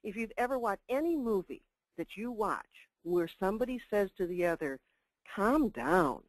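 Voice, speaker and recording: A woman's voice: medium pitch, no echo, rough recording. An older woman giving a chatty, emphatic customer service webinar talk with asides. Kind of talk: webinar presentation.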